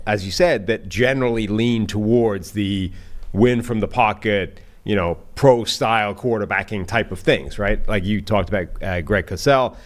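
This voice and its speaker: A man in casual podcast chat about football, wry and quick with his remarks. His voice sits fairly low, and he talks at ease into a studio mic. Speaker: analyst co-host.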